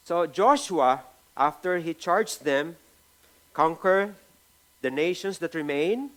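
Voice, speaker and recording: Filipino-accented male pastor, fairly high voice, emphatic sermon delivery with frequent tag questions. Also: a bit bright. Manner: emphatic preaching, repeats phrases, tag "no?" often.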